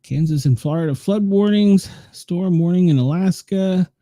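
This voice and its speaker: A man's voice: high voice, moderate pace, warm tone, no room sound, studio quality. A man with a Tennessee accent hosting his show, rambling through live weather radar in casual chat and poking fun at himself. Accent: Tennessee Southern. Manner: rambling, self-mocking, thinks aloud while clicking around. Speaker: show host.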